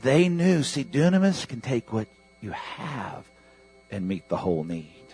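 A man preaching a sermon as pastor of a church, calling out to the congregation for responses and swinging between loud bursts and hushed asides. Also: mid-range voice, sing-song, measured pace, breathy edge, soft background music.

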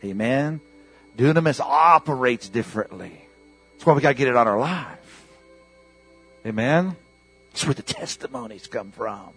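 A man preaching in church with a husky, slightly rough voice, rising to loud bursts and dropping to near whispers as he calls on the congregation to answer. Soft music plays faintly beneath him. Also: medium pitch, lively intonation, normal speed, long pauses, no echo. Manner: call-and-response preaching, swinging from loud bursts to hushed asides. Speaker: pastor. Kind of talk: sermon.

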